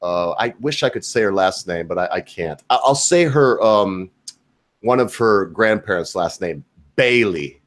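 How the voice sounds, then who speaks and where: Rambling, low-voiced American stream host. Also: male voice, lively intonation, unhurried. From United States. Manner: rambling, profane, jokey banter. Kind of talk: casual live-stream chat.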